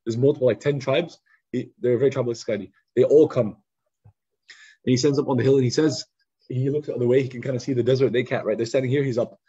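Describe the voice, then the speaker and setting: A man teaching a youth study circle in a lively, conversational storytelling style, acting out quotes over a video call. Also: mid-range voice, quick pace, breathy edge. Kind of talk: casual storytelling lesson. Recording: slightly muffled lo-fi recording.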